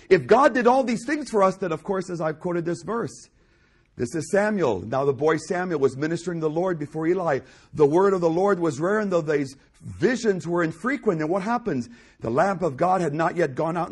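Male preacher, husky tone, very animated pitch, emphatic repetition. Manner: swings from loud emphatic repetition to low hushed delivery. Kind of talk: sermon.

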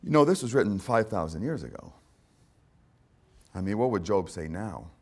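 A man preaching a sermon, fervent and repetitive, who swings from hushed asides to loud emphatic lines and calls his listeners "my friend.". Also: on the low side, expressive, moderate pace. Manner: speaks directly to listeners as "my friend".

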